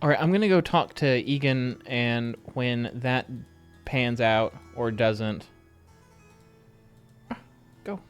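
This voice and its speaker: A man's voice: medium pitch, takes it slowly, pauses often, clean tone, soft background music. Wry man chatting over a game. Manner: wry running commentary, talks to the game. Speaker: streamer. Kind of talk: casual live-stream gameplay chat.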